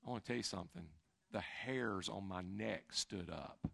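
A middle-aged man preaching, telling stories in an animated way that swings between hushed asides and loud, emphatic bursts. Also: sits low, normal speed, vocal fry, dry recording. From Chattanooga, Tennessee. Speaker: pastor. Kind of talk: sermon storytelling.

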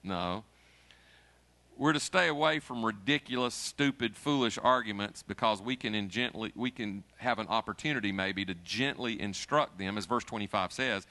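A middle-aged man delivers a sermon to his congregation. His voice is bright and forceful, and he mixes folksy jokes into the preaching before climbing to emphatic peaks. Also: mid-range voice. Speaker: pastor.

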